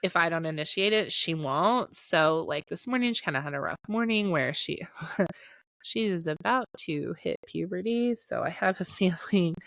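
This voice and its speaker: A woman's voice: on the low side, lively intonation, normal speed, creaky, fairly bright tone, no echo. A woman in her late thirties co-hosting a podcast, telling stories with lots of laughter and acted-out quotes. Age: late 30s. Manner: storytelling, laughs often, acts out quotes. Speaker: podcast co-host. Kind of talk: casual chat.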